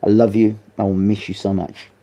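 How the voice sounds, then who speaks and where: A grieving man speaks softly and haltingly, pausing often between his words. His voice is low, dark and gravelly. He delivers a personal spoken tribute. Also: little pitch movement, highs cut off. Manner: halting, soft and subdued, many pauses and fillers. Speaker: boxing channel host.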